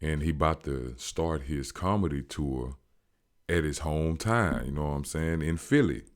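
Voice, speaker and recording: Deep-voiced man, slangy animated recap. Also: moderate pace. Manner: animated, slangy, acts out quotes. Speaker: show recapper. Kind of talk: casual storytelling recap.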